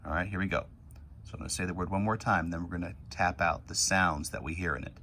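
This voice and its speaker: A man's voice: low-pitched, fairly even intonation, quick pace, sharp tone, a little hiss or hum. A man teaching a recorded phonics lesson for young children, patiently sounding out words letter by letter.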